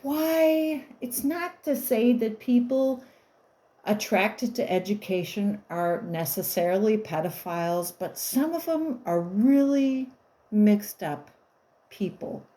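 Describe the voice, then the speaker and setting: A woman in her fifties telling stories in a rambling, casual monologue. She is wry and blunt, throwing in the odd swear, and her pitch jumps up animatedly for emphasis. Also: animated, takes it slowly, warm tone, poor audio.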